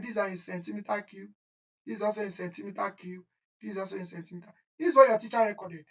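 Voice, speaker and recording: A woman teaching an online chemistry exam-prep lesson, repeating key points and often checking that students follow. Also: fairly high pitch. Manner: repetitive, emphatic, checks understanding often. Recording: dull lo-fi audio.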